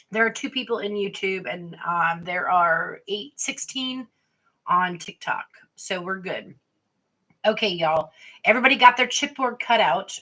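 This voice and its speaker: A woman runs a relaxed online craft workshop and chats directly with the people watching. She talks slowly, taking her time over each step. Her voice is bright and sharp-edged. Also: mid-range voice. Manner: chatty, talks straight to viewers. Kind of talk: casual livestream craft tutorial.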